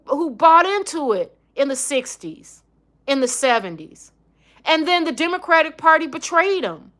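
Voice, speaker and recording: A woman's voice: high voice, sharp tone. A middle-aged woman hosting a casual opinion livestream, blunt and emphatic, reading viewer comments. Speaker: livestream host.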